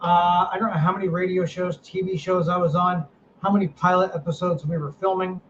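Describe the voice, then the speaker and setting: A middle-aged man hosting a casual podcast chat, running a paranormal team, ranting with animated energy and swearing freely. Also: high-pitched, fairly quick. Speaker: paranormal team director, host. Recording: slightly dull sound, faint noise.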